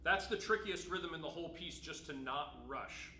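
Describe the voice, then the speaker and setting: A man's voice: a little high, moderate pace, bright, forceful tone. A man giving a patient timpani lesson, explaining technique and checking in with his students as he plays. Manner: patient, explanatory, frequent "right?" check-ins. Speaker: percussion teacher. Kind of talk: instrument lesson demonstration. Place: room with timpani, roomy echo. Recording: roomy echo, faint noise.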